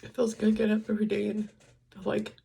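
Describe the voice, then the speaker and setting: A woman's voice: medium pitch, completely flat delivery, fast, vocal fry, dark tone, husky. An older woman vlogging, speaking in an emotional, tearful and confiding way as she cries. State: crying. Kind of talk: personal vlog.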